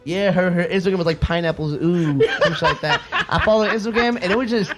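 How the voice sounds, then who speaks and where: A young man talking casually on a podcast, telling profane stories fast and mimicking people in put-on voices. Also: high voice, sing-song, over loud music. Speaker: podcast co-host. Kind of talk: casual chat.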